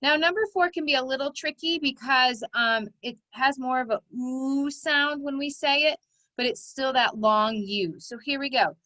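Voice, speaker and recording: This high-pitched woman talks at normal speed with a sharp edge, and there's no echo. She patiently dictates phonics words to little kids, stretching each sound in a slow, clear teaching style.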